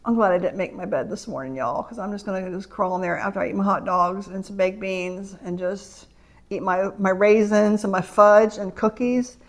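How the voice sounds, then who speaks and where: A woman's voice: medium pitch, steady tone, moderate pace. A middle-aged woman, chatting casually at home on camera about a shopping haul, rambling from story to story. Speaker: vlogger. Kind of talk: casual haul vlog chat. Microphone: camera mic.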